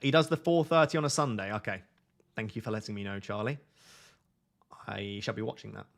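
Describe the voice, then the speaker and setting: A man's voice: lowish voice, a little fast, creaky, fairly bright tone. A man hosting a live fantasy football stream from home at night, reading chat aloud in a jokey, self-mocking way.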